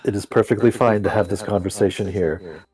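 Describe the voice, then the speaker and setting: A man's voice: on the low side, a little fast, a little mellow, natural voice. Man playing a stern suspicious ranger. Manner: formal, interrogating. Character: stern male ranger warrior, blunt and suspicious.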